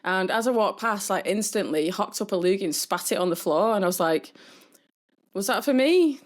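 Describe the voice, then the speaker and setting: A young woman telling stories in a casual podcast chat, full of fillers and high-pitched mimicry. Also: fast. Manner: chatty storyteller with many fillers, mimics people in a high voice. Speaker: podcast co-host.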